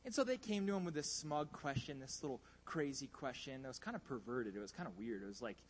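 Man, preacher, high voice, fervent sermon, loud bursts then quiet asides. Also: brisk, few pauses, slightly rough. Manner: animated and emphatic, swinging between loud and hushed.

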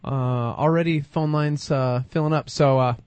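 A man's voice: fairly high pitch, fairly even intonation, moderate pace, darkish tone, no echo. A man co-hosting a call-in radio show, upbeat and loose, laughing often between calls. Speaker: radio co-host. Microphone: studio microphone.

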